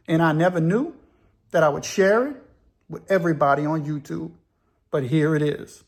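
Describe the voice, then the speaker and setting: A man's voice: on the high side, animated, moderate pace. A man telling a first-person prison story in a plain, conversational way.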